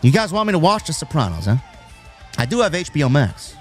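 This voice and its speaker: Male live-stream host, rambling, casual, slightly high voice, faint music behind. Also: very animated, a little fast. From New York. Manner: rambling, restarts, reads viewer messages aloud.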